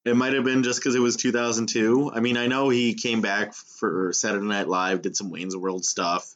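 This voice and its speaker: Animated man joking on a podcast. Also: on the low side, normal speed. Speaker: podcast co-host. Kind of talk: casual podcast chat.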